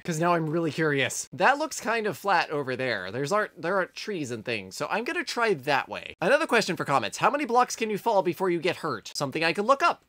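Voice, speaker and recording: A woman hosting a comedic game video, chatty and excitable, talking to the creatures she meets. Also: on the low side, no echo. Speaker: gaming video host. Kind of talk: comedic let's-play commentary.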